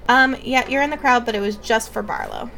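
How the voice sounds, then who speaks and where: A woman's voice: on the high side, very animated, fairly quick, vocal fry, sharp tone, a little hiss or hum. A woman running a tabletop game as game master, casual and a bit hesitant.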